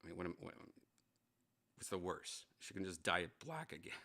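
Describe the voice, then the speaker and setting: A man riffing loosely and profanely to his audience, self-mocking and rambling as host of his own stream. His voice sits fairly low but comes across bright and forceful. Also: big pitch swings, brisk. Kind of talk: casual rambling livestream chat. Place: home studio.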